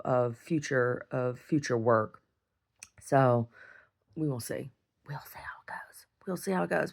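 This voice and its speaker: Rambling woman, video diary. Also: rumbling low. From United States. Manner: rambling, repeats words and restarts often. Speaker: video diarist.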